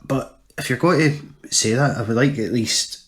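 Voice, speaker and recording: A man's voice: medium pitch, normal speed, fairly bright tone, slight background noise. A young man, co-hosting a podcast in casual chat with a laid-back manner. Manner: laid-back, laughs often. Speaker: podcast co-host.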